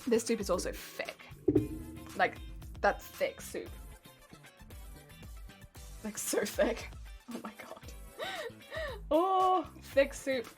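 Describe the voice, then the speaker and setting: A woman's voice: a little high, very animated, slow, long pauses, faint music behind. A woman with an English accent, chatting casually and playfully with her stream audience while she crafts, rambling and giggling as she goes. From England. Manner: rambling, playful, giggly, reads chat aloud. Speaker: crafting livestreamer.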